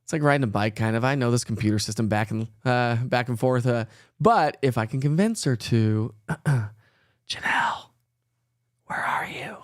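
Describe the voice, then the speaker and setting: A man's voice: mid-range voice, lively intonation, a little fast, darkish tone, no room sound, studio quality. A man in his thirties hosting a casual morning weather livestream, chatting and rambling with folksy asides. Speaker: weather show host.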